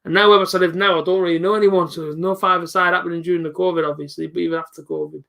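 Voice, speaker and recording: A young man hosting a live football reaction stream, chatting casually with viewers and breaking into excited shouts at big moments. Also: high-pitched, very fast, gravelly. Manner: chatty, jumps to excited shouting at goals, reads out viewer comments.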